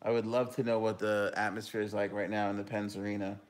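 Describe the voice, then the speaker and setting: A young man hosting a live hockey talk stream, reacting to a game and reading viewer comments, with bursts of loud enthusiasm. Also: on the low side, flat delivery, fast.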